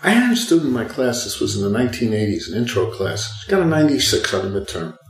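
A man's voice: lowish voice, quick pace, echoey room, faint music behind, rough recording. An older man, a former teacher, telling a story in an interview and acting out the voices of everyone in it. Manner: animated, acts out both sides of dialogue. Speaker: retired professor and guest.

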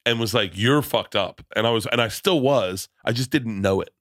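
A man's voice: mid-range voice, fairly quick, dry recording. A man hosting a podcast, telling a story in a casual, rambling way, swearing often and acting out the people in it. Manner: rambling, restarts sentences, swears freely; acts out quoted people in his stories. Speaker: podcast host and stand-up comedian.

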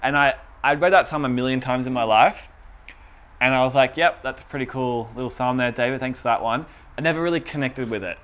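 A man's voice: medium pitch, fairly quick, fairly bright tone, dull audio. A young man, telling personal stories in a casual chat and laughing often. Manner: chatty, self-deprecating storytelling. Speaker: podcast co-host.

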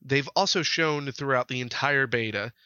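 Bright-sounding guy on a podcast, quick and jokey, dry close sound. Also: mid-range voice, smooth, dry recording, muffled recording. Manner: brisk, joking, teasing. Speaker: podcast co-host. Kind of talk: casual podcast chat.

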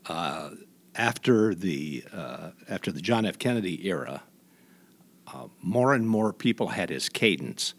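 A man from Indiana, a guest in an interview, telling stories in a halting way with many restarts. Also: deep voice, lively intonation, creaky. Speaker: guest, voice imitator. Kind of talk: reflective conversational storytelling.

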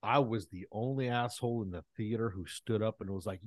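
A man's voice: fairly low pitch, quick pace, hardly any pauses, no echo. A man co-hosting a podcast, talking casually and animatedly, swearing freely as he tells stories. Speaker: podcast co-host. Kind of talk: casual chat.

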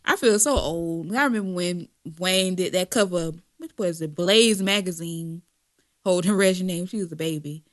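A woman's voice: fairly low pitch, moderate pace. A woman co-hosting a casual gossip podcast, slangy and dramatic, laughing often. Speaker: podcast co-host.

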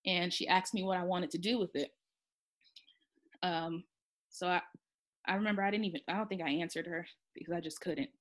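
Soft-spoken woman telling her own story. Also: lowish voice, steady tone. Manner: halting, with many fillers and restarts. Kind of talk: personal storytelling.

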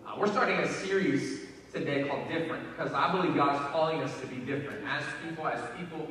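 Emphatic preacher in an echoing hall. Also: male voice, a little high, fast talker, fairly bright tone, slight background noise. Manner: conversational, repetitive, emphatic. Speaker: pastor. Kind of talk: sermon. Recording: echoey hall from far off.

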